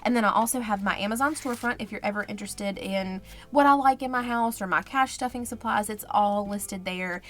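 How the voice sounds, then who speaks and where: A woman budgeting vlogger chatting casually and counting cash in a quiet, murmured voice. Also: medium pitch, a little fast, few pauses. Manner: chatty, counts money under her breath.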